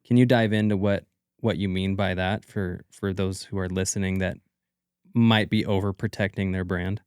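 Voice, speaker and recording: A man's voice: deep voice, fairly even intonation, moderate pace, a little mellow, clear, resonant tone, no room sound, clean studio sound. A man co-hosting a podcast, asking questions and explaining things in a casual, conversational way. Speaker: podcast co-host.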